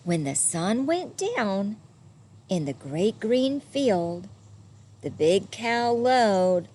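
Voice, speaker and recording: A woman with a medium-pitched voice reads a picture book aloud to children, taking her time as her intonation swoops up and down. Gentle yet lively, she voices the animal sounds herself and pauses to ask her young audience questions, with faint noise in the background.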